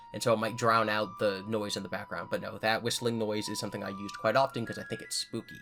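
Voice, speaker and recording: A man's voice: lowish voice, level tone, fast, few pauses, pushed and bright, faint music behind. A man hosting his own channel, answering viewer questions in casual chat and thinking aloud with frequent restarts.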